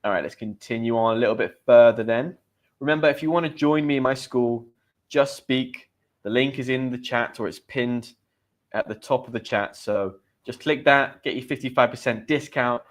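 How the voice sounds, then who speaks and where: A man's voice: mid-range voice, normal speed. An Englishman teaching English expressions in a chatty, upbeat live stream, repeating key words and reading viewers' comments. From England. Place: home in Spain.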